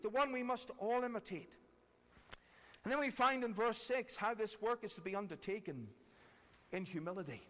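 A man's voice: high-pitched, a bit bright. A man preaching a sermon earnestly, repeating key phrases for emphasis. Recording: long reverb of a large hall.

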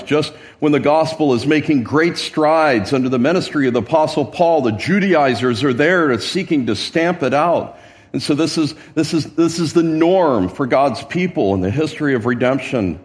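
A man delivers a sermon in a church. His voice sits at an ordinary middle pitch. He talks to the congregation conversationally, stressing words and putting rhetorical questions to them. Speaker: pastor.

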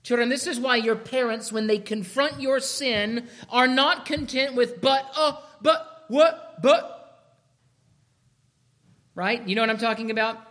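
A man preaching a sermon as pastor, swinging from hushed lines to shouted ones and asking his listeners rhetorical questions. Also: very high-pitched, fairly even intonation, normal speed, few pauses.

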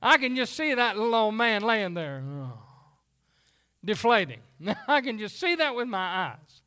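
Pastor, man, very high voice, folksy animated sermon delivery. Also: unhurried, smooth.

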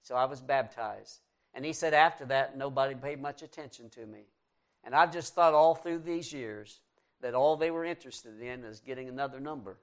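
A man's voice: medium pitch, normal speed. A man in his sixties, a pastor, preaching a sermon to his congregation and earnestly repeating his questions to them.

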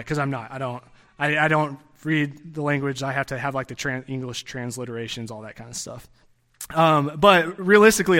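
A man's voice: mid-range voice, fairly bright tone. A young man giving a sermon in a conversational way, restarting phrases and adding asides as he teaches. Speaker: preacher.

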